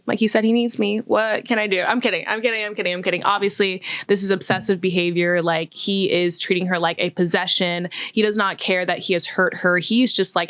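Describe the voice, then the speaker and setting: A woman's voice: mid-range voice, steady tone, fairly quick, a bit bright, no echo, studio quality. A woman vlogger giving casual, chatty film commentary, laughing often and using lots of fillers. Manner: chatty, laughing, filler-heavy with acted-out quotes.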